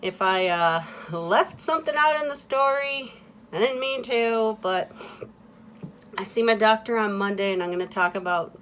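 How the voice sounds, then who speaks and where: A woman vlogging in a casual confessional monologue, talking in a candid, halting way with many fillers and restarts and often trailing off quietly. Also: mid-range voice, slight background noise.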